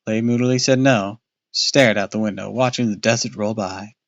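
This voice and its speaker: A man's voice: fairly low pitch, steady tone, normal speed, dry recording, muffled recording. A man casually reading a children's horror book aloud on a live stream, with small slips and restarts.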